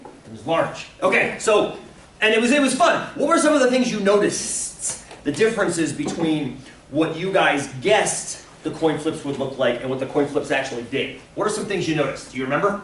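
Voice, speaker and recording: A male teacher giving a casual, animated classroom lecture, encouraging students and asking them questions. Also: on the high side, moderate pace, slight background noise. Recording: echoey classroom from far off.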